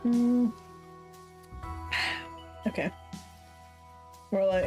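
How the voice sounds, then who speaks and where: A woman's voice: medium pitch, measured pace, a little mellow, faint music behind. Giggly young woman streaming a game. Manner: casual and giggly, swears freely, reads story text aloud. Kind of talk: live-streamed game commentary.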